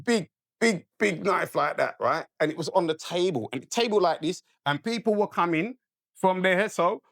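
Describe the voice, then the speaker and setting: A man's voice: sits high, normal speed, no room sound, studio quality. Profane man telling a story. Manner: animated, profane, keeps asking "right?". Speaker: podcast guest. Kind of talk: casual storytelling.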